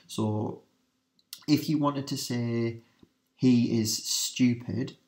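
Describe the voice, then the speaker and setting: A male teacher giving a revision lesson, repeating key words for emphasis and slowing down for French examples. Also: medium pitch, steady tone, darkish tone.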